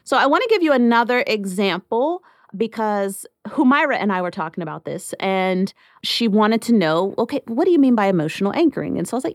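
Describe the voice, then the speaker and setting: A woman's voice: mid-range voice, very animated, fairly quick, no room sound, clean studio sound. A woman in her thirties hosting a podcast, talking casually and acting out the lines of the people she quotes. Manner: chatty, acts out quoted dialogue. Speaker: podcast host.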